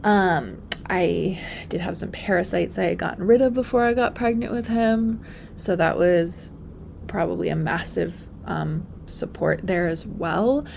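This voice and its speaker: A young pregnant woman hosting a casual solo podcast. She talks in a chatty way and often drops to a soft, breathy near-whisper. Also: on the low side, unhurried, slight background noise. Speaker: podcast host and functional practitioner.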